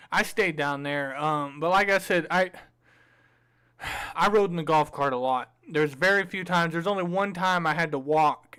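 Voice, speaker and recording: A man with a notably high, smooth and resonant voice tells a long, rambling story. He curses freely, trails off with "like" and "um", and keeps the tone loose and conversational, as on a livestream. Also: fairly bright tone. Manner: rambling, profane, loose with fillers. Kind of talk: casual storytelling chat.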